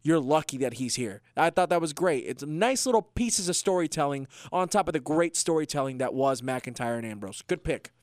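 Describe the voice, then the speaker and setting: A young man talking excitedly on a podcast, his voice sitting a little high and swinging up when he gets worked up. He is openly emotional and emphatic. The sound is dry and close. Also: fairly quick, few pauses, no echo. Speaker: podcast co-host. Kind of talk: casual chat.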